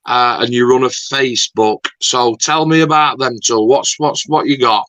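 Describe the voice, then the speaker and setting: A man's voice: mid-range voice, moderate pace, fairly bright tone, no echo. A man, hosting a rambling, casual chat and swearing lightly now and then. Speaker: YouTube host. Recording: dull lo-fi dry sound.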